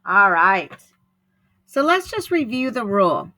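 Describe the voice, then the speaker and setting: A woman teacher giving a recorded lesson in a clear, deliberate instructional manner. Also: mid-range voice, very animated, bright, forceful tone, no room sound.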